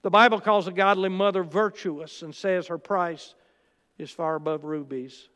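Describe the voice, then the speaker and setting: Male preacher, high smooth voice, storytelling sermon delivery, long hall reverb. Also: fairly even intonation, normal speed, pushed and bright. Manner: storytelling with quotes and asides.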